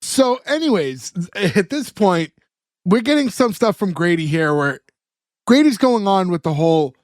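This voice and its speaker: Male co-host, slightly high voice, dry recording, plot recapper. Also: sing-song, a little slow, no echo. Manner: recaps plot, reasons things out aloud. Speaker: podcast co-host. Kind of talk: casual chat recapping a sitcom.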